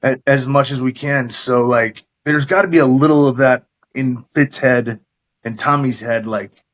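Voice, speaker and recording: A middle-aged man speaking as a podcast guest, telling old stories in a relaxed, thoughtful way. He pauses to gather his memories, and his voice stays in a plain mid range. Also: medium pitch, poor audio. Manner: relaxed, thoughtful recollection with hesitations. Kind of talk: casual interview chat.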